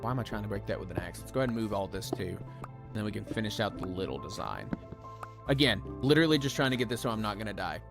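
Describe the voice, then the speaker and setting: A low, gravelly male voice comes fast and animated as this streamer plays a building game live. He thinks aloud in a casual way, jokes about himself, and talks to viewers, with music in the background.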